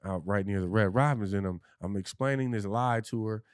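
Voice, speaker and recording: A man's voice: on the low side, fairly quick, clean tone, no echo, clean studio sound. A man, a podcast guest, telling his own story candidly and bluntly, with profanity and frequent restarts.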